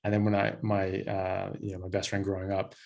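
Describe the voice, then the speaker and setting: A man's voice: low voice, completely flat delivery, brisk, vocal fry, a little mellow. A man from Southern California, a doctor telling stories in a casual interview with many restarts. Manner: storytelling, laughing, frequent restarts. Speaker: doctor, guest.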